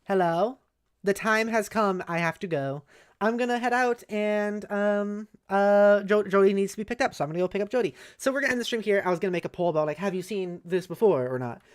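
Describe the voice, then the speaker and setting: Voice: mid-range voice, a little fast, clear, resonant tone. A streamer casually reading a story aloud on a live stream, breaking off for joking, sometimes cursing asides to chat. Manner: chatty, swears casually.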